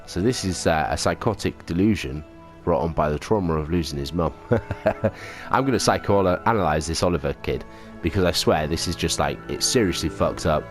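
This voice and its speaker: A man with a low voice plays a video game at a moderate pace, giving casual, sarcastic commentary. He swears freely and throws in jokey asides like a typical let's play gamer, with game music in the background.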